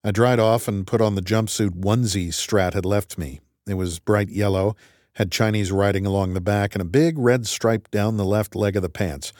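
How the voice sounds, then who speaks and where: A man's voice: on the low side, normal speed, a little mellow, dry recording, clean studio sound. A man narrating an audiobook in the first person with a wry, conversational manner.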